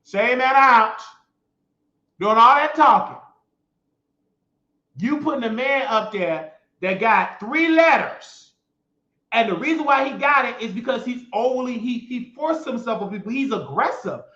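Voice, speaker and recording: A man's voice: very high voice, lively intonation, a little slow, pauses often, bright, forceful tone. A man hosting a show, delivering a sassy, mocking gossip rant and repeating phrases for emphasis. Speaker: show host. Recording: echoey room, dull lo-fi sound.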